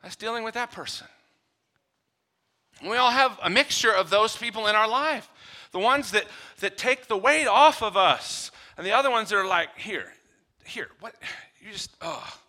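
Bright-voiced animated man preaching. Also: moderate pace. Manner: animated preaching that swings between soft low lines and loud emphatic ones; acts out little dialogues with humor. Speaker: pastor. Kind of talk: sermon.

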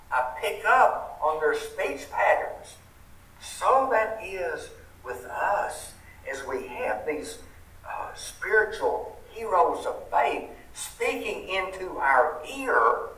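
His high-pitched voice sounds pushed and bright as this Southern US man preaches with earnest, homespun warmth. He asks the congregation rhetorical questions, captured roomily by a far-off mic.

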